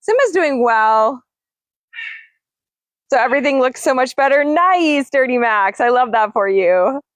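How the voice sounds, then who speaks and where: A woman's voice: high voice, lively intonation, a little slow, dry recording. A woman hosting a casual livestream as a parrot trainer, chatting with viewers and cooing to her birds in a singsong voice. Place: outdoors.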